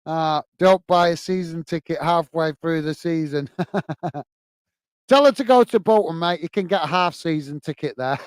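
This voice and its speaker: A man's voice: on the high side, unhurried, long pauses, dry recording. A man hosting a live football watch-along from home, commentating on the match and chatting with viewers, laughing often. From England.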